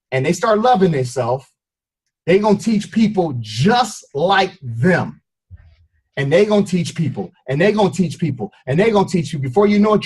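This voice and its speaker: Husky, lively motivational speaker man. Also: high voice. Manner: storytelling, acts out voices and meows. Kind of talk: motivational team talk.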